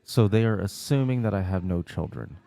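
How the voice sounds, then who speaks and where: Low gravelly man telling a story. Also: animated, brisk, mellow, no room sound. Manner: storytelling, acts out phone calls. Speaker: podcast co-host. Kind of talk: casual chat.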